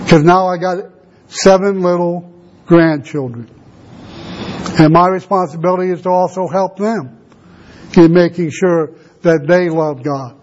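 A man in his sixties preaching a sermon to fathers, earnest and slowing down to stress key words. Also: a little high, darkish tone, lo-fi sound, a little hiss or hum. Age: 60s. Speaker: pastor.

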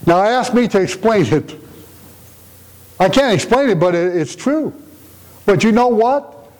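A man's voice: sits high, lively intonation, a little slow, darkish tone, low-quality recording. A man preaching a conversational sermon in an earnest, emotional way, often asking rhetorical questions. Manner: emotional, tender-hearted delivery.

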